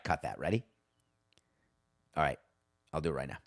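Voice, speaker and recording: A middle-aged man hosting a sports talk show, speaking in a casual, blunt and wry way. His voice sits at an ordinary pitch for a man, and he talks off the cuff rather than reading a script. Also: lively intonation, normal speed, long pauses. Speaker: podcast host.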